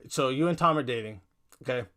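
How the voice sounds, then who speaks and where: A man's voice: medium pitch, fairly quick, bright, forceful tone. A man hosting a casual debate chat who repeats himself and restarts his sentences. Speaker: debate show host.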